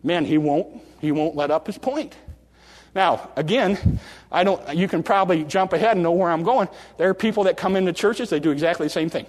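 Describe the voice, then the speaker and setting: A man preaching a sermon from the pulpit in a folksy, animated way, often restarting phrases and slowing down for drama. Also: high voice. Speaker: pastor. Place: church sanctuary. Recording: long reverb of a large hall.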